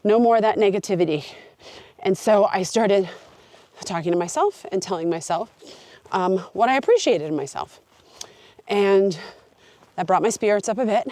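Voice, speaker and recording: A woman's voice: mid-range voice, moderate pace, long pauses, dark tone, dry recording. A woman hiking a long trail, talking to her camera outdoors in an earnest, open and heartfelt way. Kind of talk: reflective talk to camera.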